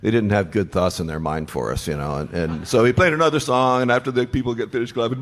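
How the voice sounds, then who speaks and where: Animated older man telling stage stories. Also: on the low side, fast talker. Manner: animated storyteller, acts out quoted voices. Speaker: band member telling road stories. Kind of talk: onstage storytelling panel. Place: stage before a laughing audience.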